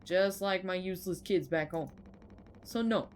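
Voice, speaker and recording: A woman's voice: fairly low pitch, a little slow, darkish tone, slight background noise, natural voice. A woman voicing a bitter middle-aged male mechanic in a put-on accent, grumbling and scornful. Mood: gruff. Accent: put-on regional accent.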